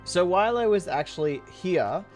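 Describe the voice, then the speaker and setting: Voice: mid-range voice, animated, normal speed, soft background music. Goofy, rambling game commentator. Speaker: game streamer. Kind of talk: let's play commentary.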